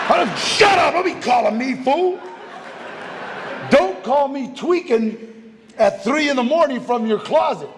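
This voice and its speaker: A high-pitched man holds a stage, loud and animated, breaking into laughter as he acts out the people in his story. His voice rings through a long-reverb hall, with steady noise in the background. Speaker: speaker sharing his recovery story. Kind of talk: storytelling talk to a live audience.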